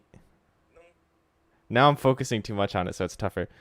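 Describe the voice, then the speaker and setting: A man streaming a casual Japanese study session, talking in a relaxed, chatty way and sounding out pronunciation examples aloud. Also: medium pitch, moderate pace, pauses often, no echo. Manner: frequent fillers like "like" and "so". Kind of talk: casual instructional livestream.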